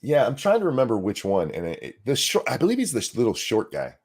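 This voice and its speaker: A middle-aged man with a medium-pitched, slightly rough voice talks quickly while co-hosting a live stream. He reads donations and jokes constantly, profane, animated and rambling, with repeated restarts.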